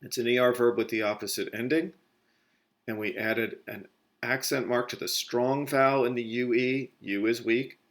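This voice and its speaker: A man's voice: medium pitch, fairly even intonation, normal speed, a bit bright. A male Spanish teacher walks through a recorded grammar lesson step by step, correcting himself as he goes. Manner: explains step by step, corrects himself mid-sentence.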